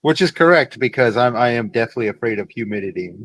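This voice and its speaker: A man's voice: mid-range voice, animated, fast talker, a bit bright, rough recording. A man chatting and joking on a casual podcast panel.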